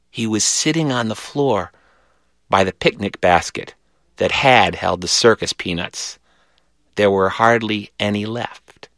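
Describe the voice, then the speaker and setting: A man reading a children's story aloud in a lively, animated way. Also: lowish voice, dry recording, clean studio sound.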